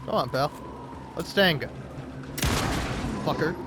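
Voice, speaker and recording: A man's voice: fairly high pitch, takes it slowly, heavy background noise. Rambling, swearing let's-play guy. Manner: rambling, swearing, talks back to the game. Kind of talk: casual gaming commentary.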